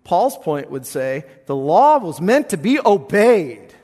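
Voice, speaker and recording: A male pastor preaching a sermon, expressive, swinging between loud passages and hushed ones. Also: high-pitched, takes it slowly, big-room sound.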